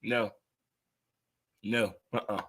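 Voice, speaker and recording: A man in his fifties hosting a casual sports talk monologue, rambling and exclamatory with sudden high-pitched outbursts. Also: level tone, very slow, a bit bright. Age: 50s.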